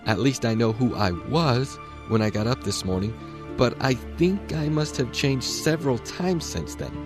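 A man's voice: medium pitch, big pitch swings, normal speed, music in the background, pitched above the performer's own voice, close to an everyday voice. A man doing Alice, a shy, polite young girl. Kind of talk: storybook reading.

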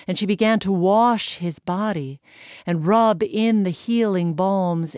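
Woman storyteller, folk tale, animated, expressive, slow, dry. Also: on the low side, no echo. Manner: animated, expressive, building drama.

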